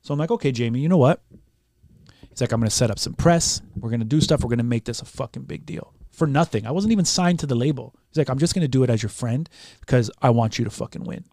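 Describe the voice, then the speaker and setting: A Canadian man, guesting on a podcast, tells a story casually, swearing often and animatedly acting out what others said. His mid-range voice moves at a quick pace, recorded with clean studio sound and no echo.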